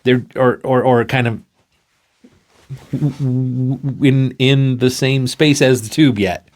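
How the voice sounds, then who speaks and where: A man explaining an idea through an animated story, acting out the scenes as he goes. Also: medium pitch, unhurried.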